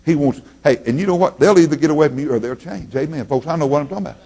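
A middle-aged man preaching a folksy sermon in a church, his voice jumping up loud and then falling low. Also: racing. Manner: folksy, animated preaching with sudden loud rises and drops. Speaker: pastor.

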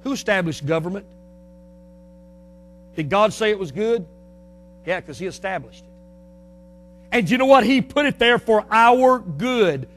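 Folksy northern us preacher guy, high voice, gets loud then drops soft, faint hum behind. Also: animated, a little slow, long pauses. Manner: folksy, emphatic, swings between loud and soft. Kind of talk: sermon.

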